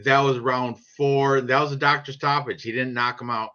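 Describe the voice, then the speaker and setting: A man's voice: mid-range voice, fairly even intonation, moderate pace, sharp tone. A man chatting casually about sports picks in a brash, profane, joking way. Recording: dull lo-fi sound.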